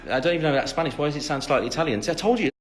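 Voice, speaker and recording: A man's voice: a little high, lively intonation, very fast, slight background noise. A young man with an English accent answering fan questions in a rambling, chatty, self-deprecating live-stream chat full of fillers, into a phone mic. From England. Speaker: livestream host reading fan questions.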